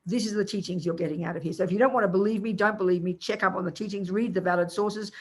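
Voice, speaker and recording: A woman's voice: medium pitch, fairly even intonation, racing, darkish tone, slightly rough. An older Australian woman, a Buddhist nun, teaching a class in a blunt, colloquial, teasing way, calling listeners darling.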